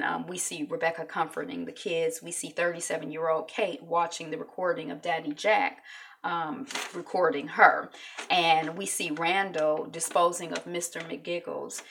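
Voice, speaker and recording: A woman recapping a TV episode in a casual vlog. She chats loosely with lots of likes and ums. Her voice sits fairly low but sounds bright, with a gravelly crackle. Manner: chatty, full of likes and ums.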